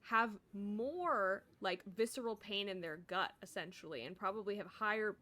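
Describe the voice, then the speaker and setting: A woman's voice: medium pitch, moderate pace, bright, forceful tone. A woman co-hosting a casual live-streamed science chat, talking loosely with lots of 'like'. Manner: chatty, heavy 'like', laughs often. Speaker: co-host.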